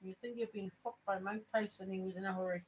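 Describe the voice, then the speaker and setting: A woman's voice: mid-range voice, fairly even intonation, fast, low-quality recording. A woman, chatting casually on a vlog, rambling through stories with many restarts. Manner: rambling storyteller, restarts, laughs at her own stories. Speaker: vlogger. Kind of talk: casual chat.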